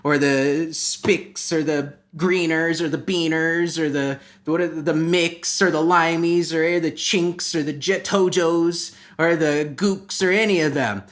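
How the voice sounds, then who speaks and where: A man hosting a comedy podcast, ranting satirically in a rambling, profane way that keeps jumping into loud mock outrage. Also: on the high side, fairly even intonation, measured pace, few pauses. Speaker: podcast host.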